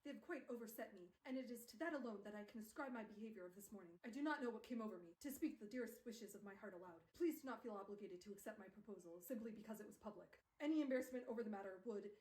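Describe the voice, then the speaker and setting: A woman's voice: medium pitch, animated, rapid-fire, hardly any pauses, a little mellow, close to an everyday voice. A woman reading as an earnest young suitor. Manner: formal, old-fashioned phrasing. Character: earnest young man making a heartfelt proposal. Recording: roomy, distant mic.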